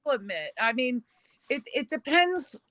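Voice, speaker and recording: A woman from New York, chatting casually on a live stream and telling animated stories with restarts. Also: high voice, unhurried, dry recording.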